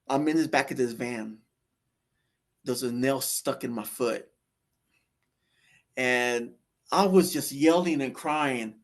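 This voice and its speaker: A man recounts his near-death experience as a guest, in loose, casual storytelling. His voice sits on the higher side for a man. He rambles, circling back with fillers and restarted phrases. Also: unhurried.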